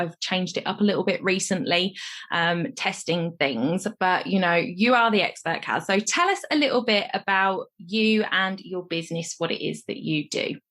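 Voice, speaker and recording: A woman's voice: lowish voice, a bit bright. A woman with an English accent hosting a podcast, chatty and upbeat, often laughing as she talks. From England. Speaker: podcast host. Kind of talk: casual podcast interview.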